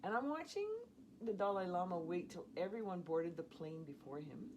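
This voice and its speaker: A woman casually telling a personal story in an animated way, often laughing and acting out what people said. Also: lowish voice, normal speed, slight background noise. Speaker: storyteller guest.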